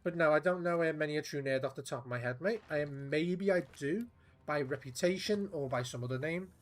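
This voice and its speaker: A man's voice: on the high side, fairly quick. A man, chatting casually to viewers while streaming games, rambling and swearing. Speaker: game streamer. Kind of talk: casual live-stream chat.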